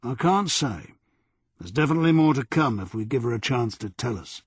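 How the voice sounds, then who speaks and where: A man's voice: medium pitch, expressive, a little fast, husky, dry recording. Man reading a blunt, dogged police detective. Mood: firm. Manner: firm, pressing questions.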